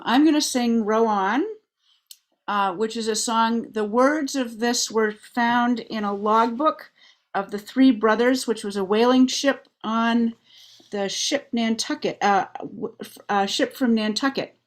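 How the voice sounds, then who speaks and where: A woman folk singer who introduces her song haltingly, with restarts, then sings a slow unaccompanied ballad over a video call. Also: fairly high pitch. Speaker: festival singer.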